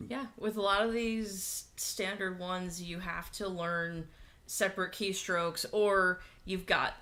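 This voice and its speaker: A woman's voice: lowish voice, steady tone, slow, bright, forceful tone. A woman co-hosting a casual livestream chat in an easygoing, practical way, laughing often. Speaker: co-host.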